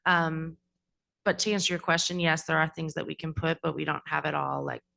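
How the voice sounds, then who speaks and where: A woman's voice: sits low, fairly even intonation, fairly quick, vocal fry, pushed and bright, dry recording. A young adult woman from the school district explaining classroom strategies at a board meeting, informal with many fillers. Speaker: district staff presenter.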